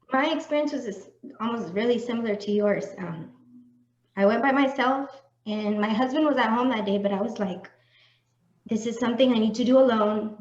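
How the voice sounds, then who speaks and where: Earnest woman on a lo-fi mic. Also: fairly high pitch. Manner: earnest, slips Spanish words into English. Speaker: podcast co-host. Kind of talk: personal storytelling in casual chat. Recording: dull lo-fi sound in an echoey room.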